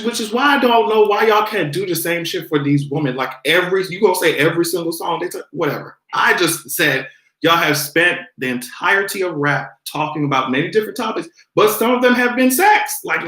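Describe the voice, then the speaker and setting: A man's voice: sits high, fairly bright tone, roomy sound. A man hosting a casual commentary vlog, sassy and profane, laughing often as he talks. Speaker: host.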